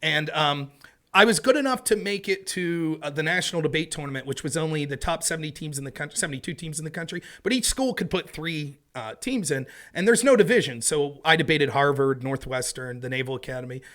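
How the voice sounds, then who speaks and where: A man talking as a guest in a casual interview, fast and energetic, full of asides. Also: fairly high pitch. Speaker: interview guest, debate show host.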